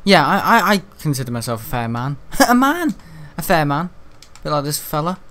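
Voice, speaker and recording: Chatty man with a higher voice. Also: animated, fairly quick, pushed and bright. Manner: rambling and grumbling, with frequent laughter. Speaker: gaming live streamer. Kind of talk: casual livestream chat while playing.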